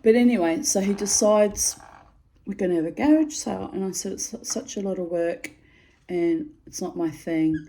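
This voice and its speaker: A woman's voice: medium pitch, normal speed, warm tone, rough recording. A middle-aged woman telling a personal story to camera in a frank, aggrieved way, swearing freely. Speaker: video storyteller.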